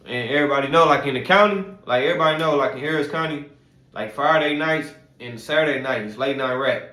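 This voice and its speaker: Man in his 30s; loose, rambling storyteller with constant fillers and slang; mid-pitched voice in an echoey room. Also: fast, pushed and bright. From Houston, Texas. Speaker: vlogger telling his life story. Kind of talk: casual storytelling.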